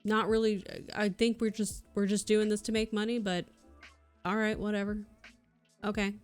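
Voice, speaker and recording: A woman's voice: medium pitch, flat delivery, moderate pace, soft background music. A woman streamer chatting casually to her viewers, ranting and swearing freely. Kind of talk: casual livestream chat.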